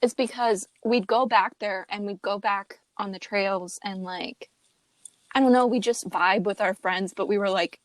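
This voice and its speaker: A woman's voice: medium pitch, unhurried, no echo. A young woman co-hosting a podcast, easygoing and self-deprecating, telling stories in casual chat. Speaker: podcast co-host.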